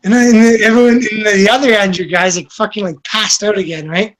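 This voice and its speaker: A man's voice: high-pitched, fairly even intonation, fairly quick, a bit bright. A man telling a long, rambling, profane story to friends, laughing as he goes. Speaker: podcast host. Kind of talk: casual storytelling among friends.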